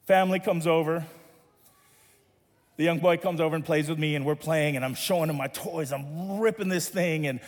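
High-voiced man preaching in a long hall echo. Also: moderate pace. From Southern California. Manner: animated, playful, laughs at his own story. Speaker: pastor. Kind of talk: sermon storytelling.

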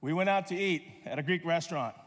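Man pastor preaching, funny storytelling, highish voice, church echo. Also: quick pace. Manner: storytelling with playful humor and acted-out quotes. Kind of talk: sermon. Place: church sanctuary.

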